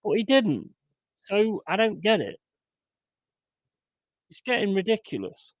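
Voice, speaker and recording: A man's voice: sits high, big pitch swings, a little slow, no echo. Sweary man ranting at football. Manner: swearing, exasperated ranting outbursts. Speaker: fan watchalong host. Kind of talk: live match commentary and chat.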